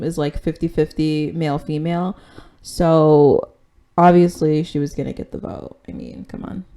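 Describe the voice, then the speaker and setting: A woman's voice: lowish voice, warm tone. A woman hosting a podcast in casual chat, candid and chatty, with plenty of "like" and "um" and the odd casual swear. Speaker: podcast host recapping an episode.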